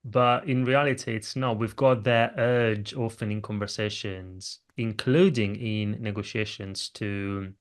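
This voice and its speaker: A man hosting a podcast interview, asking measured questions with frequent restarts. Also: on the low side, fairly even intonation. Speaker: podcast host.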